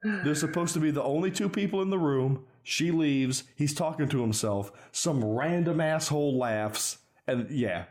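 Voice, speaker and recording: In casual chat, a young man recapping a bad movie on his podcast gives sarcastic commentary laced with swearing. His voice is a little high and somewhat mellow, and he talks at a normal speed.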